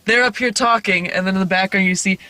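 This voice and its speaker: A woman's voice: medium pitch, quick pace, bright, forceful tone, dry recording. A woman chatting playfully about a film in a dim movie theater, cracking jokes with her co-host. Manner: playful, jokey. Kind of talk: casual movie review chat.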